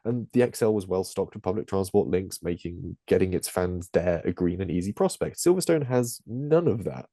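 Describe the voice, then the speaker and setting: A man's voice: deep voice, expressive, moderate pace, few pauses, dark tone, no room sound, studio quality. A man hosting a casual motorsport podcast, reading news items with jokey asides. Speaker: podcast host.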